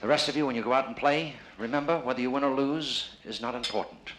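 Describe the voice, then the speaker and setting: A man's voice: medium pitch, fast talker, fairly bright tone. A man doing live stand-up comedy, teasing a man from the audience with wisecracks. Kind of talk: live stand-up with crowd work. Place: casino showroom stage. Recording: live 1960s vinyl, roomy and noisy. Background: audience laughter.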